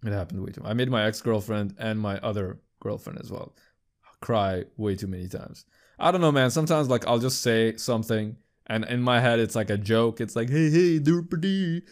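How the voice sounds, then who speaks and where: A young man hosting a podcast, chatting casually in a rambling, profane way and jumping into high squeaky voices for quips. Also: fairly quick. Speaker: podcast host. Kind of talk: casual chat.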